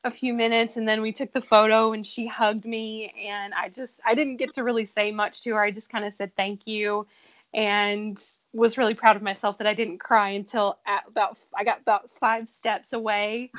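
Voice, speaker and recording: A woman's voice: on the high side, moderate pace, few pauses, dull audio. Chatty woman telling a fan story. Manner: animated, storytelling, with laughs. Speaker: podcast guest. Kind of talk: casual chat.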